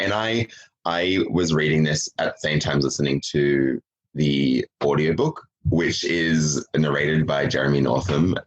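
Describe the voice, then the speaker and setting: Man, extremely low voice, husky, casual book chat, hesitant restarts. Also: low-quality recording. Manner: hesitant, many restarts and laughs. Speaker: podcast panelist. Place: home.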